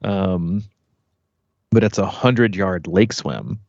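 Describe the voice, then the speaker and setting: A man's voice: low voice, slow, gravelly, a little mellow, no room sound. A man in his thirties hosting a triathlon podcast, telling a story in a rambling way, full of "like" and "you know". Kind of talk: casual storytelling chat. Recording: slightly muffled, dry sound.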